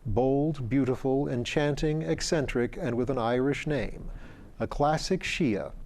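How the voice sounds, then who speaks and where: A man reading a fantasy story aloud in a measured, dryly wry narration. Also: medium pitch, darkish tone. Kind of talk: audiobook narration.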